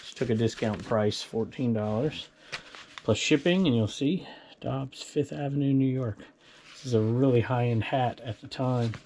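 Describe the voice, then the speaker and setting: A man's voice: medium pitch, moderate pace, darkish tone, a little hiss or hum. A man selling items online, chatting casually and rambling as he walks through his storage bins, chuckling to himself now and then. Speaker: online reseller showing sold items. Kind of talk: casual vlog walkthrough. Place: indoor storage room with bins.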